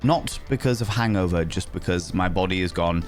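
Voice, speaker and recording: A young man chats playfully on a live stream, teasing his viewers while sounding a bit under the weather with sore sinuses. He talks briskly with few pauses and theatrical swings in pitch, and faint music plays behind him.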